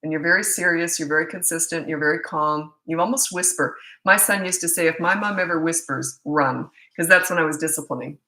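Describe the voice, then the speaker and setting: A middle-aged woman talks casually through a webcam, answering parents' questions with stories and easy laughs. Her voice is bright and sits a little low, with a loose, rambling rhythm. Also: steady tone, fast, few pauses, poor audio. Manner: chatty, storytelling, laughs often. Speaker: parenting coach. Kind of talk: live Q&A chat from home on webcam. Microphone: laptop webcam.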